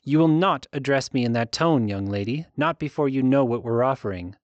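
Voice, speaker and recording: A man reading an audiobook, voicing an old, sharp-eyed woman who leads a guild in an imperious, scolding way. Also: mid-range voice, expressive, a little fast, no room sound, lo-fi sound, natural voice. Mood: commanding. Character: ancient sharp-eyed woman guild leader, haughty and commanding.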